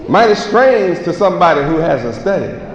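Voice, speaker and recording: A man preaching a sermon, asking questions and answering them himself, now and then rising to a shout. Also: high-pitched, big pitch swings, normal speed, distant mic, crowd noise. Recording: echoey hall, dull muffled sound, noisy.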